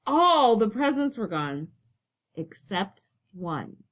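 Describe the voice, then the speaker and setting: A woman teacher reading a children's picture book aloud, expressive and storytelling. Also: mid-range voice, takes it slowly.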